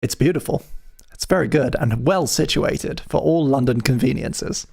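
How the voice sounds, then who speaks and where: A man's voice: medium pitch, moderate pace, vocal fry, a little mellow, slightly rough. A man hosting a live music stream, chatting casually with wry, self-deprecating jokes.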